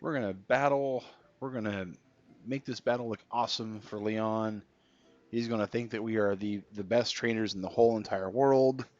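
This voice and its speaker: Male streamer, low-pitched, easygoing chat over gameplay; dull stream audio. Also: moderate pace, darkish tone. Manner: chatty, reads out viewer comments. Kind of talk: casual gameplay commentary.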